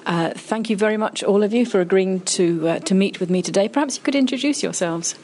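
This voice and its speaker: A woman's voice: mid-range voice, a little fast, a little mellow. A woman interviewing members of an amateur panto cast in a friendly, encouraging way. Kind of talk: casual interview.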